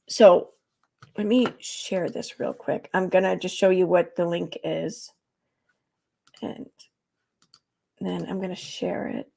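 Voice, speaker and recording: A woman's voice: medium pitch, vocal fry, dark tone. A woman hosting a casual commentary livestream, rambling along with frequent restarts. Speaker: livestream host.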